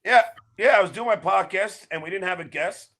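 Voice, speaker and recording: Male podcast guest, bright and high, loud animated storyteller. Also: a little fast. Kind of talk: casual chat.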